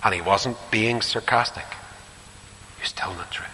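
An older Northern Irish man preaching in a large church hall. His bright, forceful voice rings with a long reverb, and a faint hiss sits underneath. He tells stories and swings his emphasis from loud to hushed. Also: lowish voice, moderate pace. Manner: storytelling, shifting emphasis. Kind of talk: sermon.

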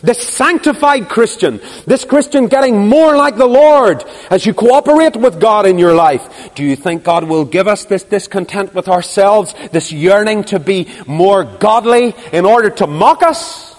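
Male preacher, high voice, impassioned sermon, long hall reverb. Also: lively intonation, measured pace, few pauses. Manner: impassioned, rhetorical questions, repeats phrases for emphasis.

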